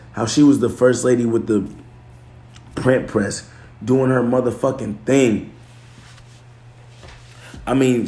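A man's voice: mid-range voice, a little mellow. A man talking casually to camera, loose and slangy, swearing, restarting and correcting himself as he goes. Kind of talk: casual chat. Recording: echoey room.

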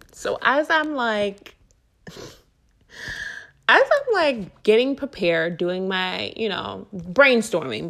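A young adult woman vlogging to her viewers, telling stories in a blunt, profane and animated ranting way. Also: medium pitch. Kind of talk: casual ranting monologue.

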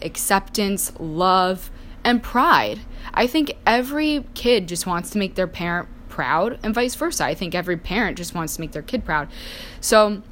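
Sipping coffee indoors, a young woman tells a personal story in a casual, chatty way, packed with "like" fillers and acted-out quoted voices. Her voice is mid-range and fairly bright, with a little hiss or hum on the recording.

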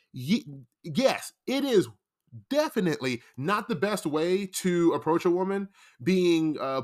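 A young man in a casual commentary monologue, rambling and defensive, explaining himself with emphatic repetition. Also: fairly high pitch. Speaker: commentary vlogger.

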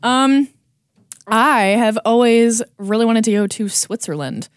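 A woman's voice: a little high, lively intonation, measured pace, dry recording, studio quality. Giggly young woman chatting. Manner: giggly, rambling. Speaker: podcast guest. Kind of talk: casual chat.

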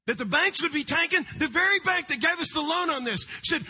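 A middle-aged man, a pastor, preaching a sermon in a large church, with fervent swings between loud cries and hushed storytelling. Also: very high-pitched, animated, fairly quick, hardly any pauses.

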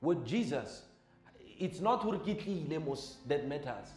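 A man preaches, his voice pitched high and driving each line twice for emphasis. He swings from shouted peaks down to low, quiet asides. The sound is roomy and echoey, with faint music under him. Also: sing-song, a little slow. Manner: emphatic, repeats lines, rises to shouts then drops low. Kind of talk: sermon. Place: church.

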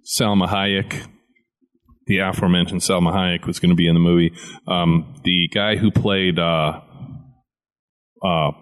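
A man's voice: low-pitched, little pitch movement, a little slow, long pauses. A man in a casual chat who explains comic book movie news plainly and steadily.

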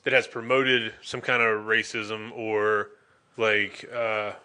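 A young man with a Southern accent and a bright, clear voice, talking earnestly in a casual conversation. He thinks out loud and keeps restarting his sentences. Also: lowish voice, level tone, takes it slowly. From North Carolina. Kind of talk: casual chat.

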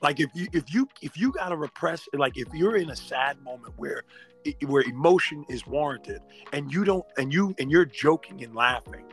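A middle-aged man with a gravelly, slightly high voice hosts a podcast and talks in an animated, emphatic, slangy way. Faint music sits under his talk. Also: normal speed. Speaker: podcast host, doctor. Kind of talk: casual chat.

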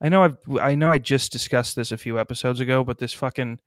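Guy riffing on a podcast, cussing a lot, middle pitch, super dry mic. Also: no room sound. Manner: riffing, profane, does quick mock voices. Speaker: podcast co-host. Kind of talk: casual comedic chat.

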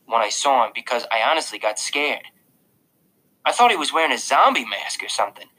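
A man's voice: medium pitch, sing-song, brisk, bright, forceful tone, husky, poor audio. A man reading a first-person audiobook narration in a casual, confiding way.

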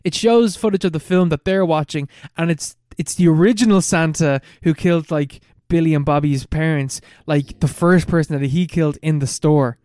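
Guy rambling thru a movie plot, laughing and swearing, kinda high voice, dry sound. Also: normal speed, hardly any pauses, darkish tone, smooth, no echo. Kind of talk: casual chat recapping a film.

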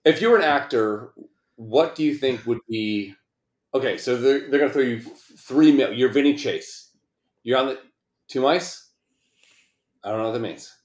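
A man's voice: mid-range voice, unhurried. Rambling, swearing man in an echoey room. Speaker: podcast co-host. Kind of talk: casual profane banter. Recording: roomy echo.

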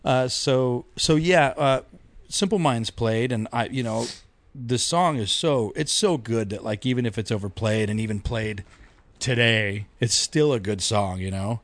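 A man's voice: medium pitch, measured pace, no echo. Male podcast co-host, casual rambling chat, mid-range voice, dry booth sound. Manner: rambling, animated storytelling with mock-outraged quotes.

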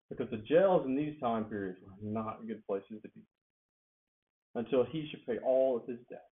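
A man preaching a sermon, rising high and loud on key words and dropping low and soft between them. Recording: tinny phone-like sound.

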